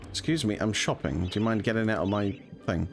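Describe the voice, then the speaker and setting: Streamer, low voice, laid-back speedrun commentary with game music behind. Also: male voice, brisk, vocal fry. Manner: relaxed, rambling, with frequent ums and uhs. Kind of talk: casual gameplay commentary.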